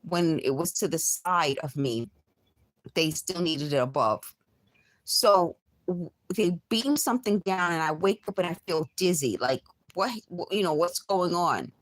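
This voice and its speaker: A hoarse woman talking to her camera from her bedroom after just waking up, rambling and agitated with many restarts. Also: lowish voice, animated, unhurried, dry recording, poor audio. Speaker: vlogger. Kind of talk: rambling late-night vlog monologue. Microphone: recording herself on camera.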